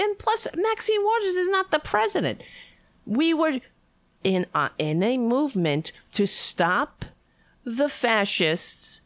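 A woman's voice: high-pitched, sing-song, takes it slowly, no room sound. A woman giving an angry reaction commentary on a political clip, swearing and talking back with sarcastic asides.

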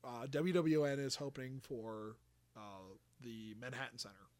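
A man casually telling a story on a podcast, animated and swearing, acting out quotes. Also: mid-range voice, measured pace, no room sound.

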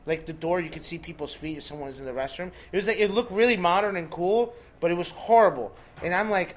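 A man's voice: high-pitched, fast talker, hardly any pauses. A young man chatting casually as host, rambling through anecdotes with lots of fillers. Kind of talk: casual chat. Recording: background noise.

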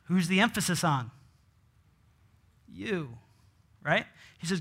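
A man's voice: sits high, sing-song, slow pace, pauses often, a bit bright, breathy edge. A man preaching a sermon, reading scripture aloud and asking the congregation rhetorical questions that he answers himself, with frequent restarts. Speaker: pastor.

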